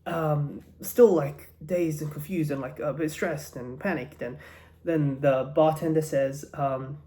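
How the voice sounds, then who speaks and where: A man's voice: fairly high pitch, steady tone, unhurried, warm tone. A man telling a joke in a casual, rambling way, with many restarts and fillers.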